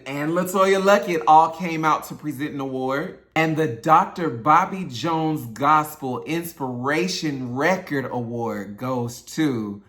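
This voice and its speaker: A singer who runs his own YouTube channel delivers a casual, opinionated awards show rundown, talking directly to his audience. His voice sits on the high side with a fairly bright tone.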